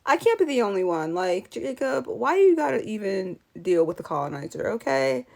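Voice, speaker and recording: A woman hosting a casual opinion vlog, talking in an animated, sassy way and mocking characters in put-on voices. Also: mid-range voice, moderate pace, vocal fry. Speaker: channel host.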